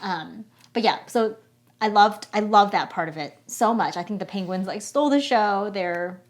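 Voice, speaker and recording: Woman co-host, casual and enthusiastic, mid-pitched, loose filler-heavy chat. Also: moderate pace. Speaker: podcast co-host.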